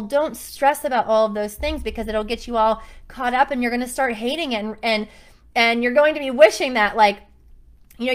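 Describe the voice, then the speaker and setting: Woman, 30s, running coach; casual, encouraging chat with a slightly high voice and playful quoted bits. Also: a bit bright. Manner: chatty, upbeat and encouraging, acts out quotes.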